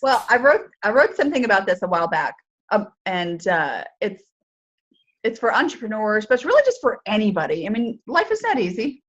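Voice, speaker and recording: A woman co-hosting a casual sales show, talking in a relaxed, rambling way with many fillers. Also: mid-range voice, fairly quick, muffled recording. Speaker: co-host. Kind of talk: casual chat.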